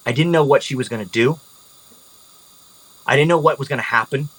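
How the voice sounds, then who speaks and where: A woman's voice: rumbling low, fairly quick, poor audio. A man voicing a fiery, defensive young woman in a tabletop game, swearing as she swings between apology and anger. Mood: apologetic.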